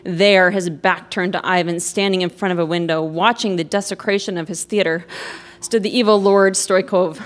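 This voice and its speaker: A woman's voice: fairly low pitch, fairly even intonation, moderate pace. A woman reads aloud from a melodramatic romance she wrote as a teen, treating it as comedy. Her narration carries a wry, amused tone, and she drops playful asides between passages. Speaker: reader of her own teenage writing. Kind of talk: comic live reading of a novel.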